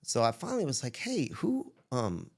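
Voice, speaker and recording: Brief: man guest, Texan, lively casual storytelling with voices for quoted people. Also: mid-range voice, normal speed. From Texas. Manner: animated, acts out quoted dialogue. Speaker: guest entrepreneur.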